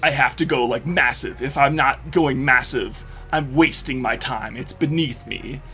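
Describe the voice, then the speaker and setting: A puffed-up, deluded Lego builder brags in a shaky Australian accent, as a streamer puts him on. The voice sits mid-range with a gravelly edge, and a soft wash of music plays behind. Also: male voice, mid-range voice, a little slow. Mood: boastful. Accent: mock Australian. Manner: arrogant, self-important bragging. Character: boastful, deluded adult male Lego builder.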